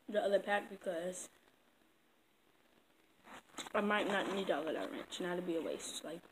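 A woman chatting casually to her viewers while eating. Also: medium pitch. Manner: chatty, loose, talks with her mouth full. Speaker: vlogger. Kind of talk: casual eating vlog chat. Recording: noisy background.

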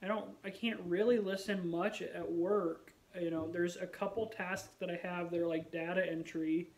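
A man's voice: high voice, steady tone, normal speed, vocal fry, poor audio. A man vlogging in a casual chat to the camera, rambling and musing aloud with wry, self-mocking humor.

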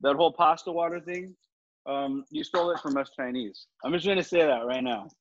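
Teaching a live online cooking class, a man with a fairly high voice talks briskly, confidently explaining each step as he cooks and taking questions along the way. The video-call audio is slightly dull, carries faint noise, and has no echo.

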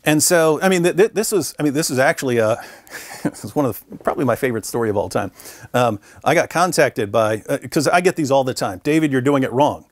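Animated storytelling man, dry close sound. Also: medium pitch, brisk, dry recording. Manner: animated storyteller, acts out quoted voices. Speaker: guest, Christian apologist. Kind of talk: conversational interview storytelling. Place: conference venue.

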